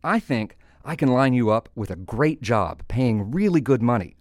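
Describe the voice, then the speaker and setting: A man's voice: medium pitch, lively intonation, moderate pace, a little mellow, dry recording, studio quality, lightly acted. A man voicing an eager, chatty male bartender in a joke told on the radio.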